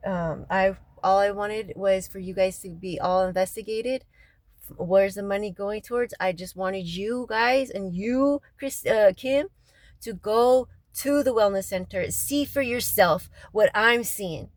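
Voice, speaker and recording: A woman, crying as she vents in a raw, profane personal rant, her voice often sinking low and quiet. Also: measured pace, no echo, poor audio. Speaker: local resident venting after a city meeting. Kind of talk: emotional personal vlog rant.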